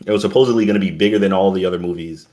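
Man, very low voice, rambling, gushing, casual chat. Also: racing, dark tone. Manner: rambling, gushing fan talk.

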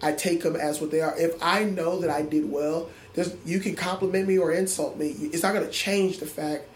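An adult man's voice, on the high side and steady in tone, moves at a normal speed through an interview conversation. He teaches music at a middle school and speaks earnestly and reflectively, frequently starting his sentences over. A little hiss or hum accompanies the echoey room's faint ambience.

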